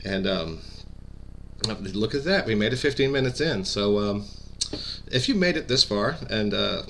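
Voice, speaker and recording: Male storyteller, casual and rambling, stutters, bright voice. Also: on the low side, animated, a little slow, vocal fry, slight background noise. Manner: rambling, full of fillers and stutters. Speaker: former pro wrestler telling a story.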